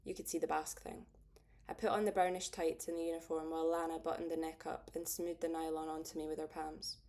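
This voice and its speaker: A woman narrating a first-person audiobook in a steady, understated way. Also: low-pitched, fast talker.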